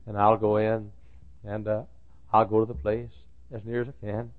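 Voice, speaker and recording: A man's voice: on the low side, monotone, moderate pace. A pastor preaching a sermon, telling stories and repeating phrases as he builds to emphatic peaks. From Dallas, Texas. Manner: storytelling, repetitive, rising to emphatic peaks. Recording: tinny lo-fi old sermon tape.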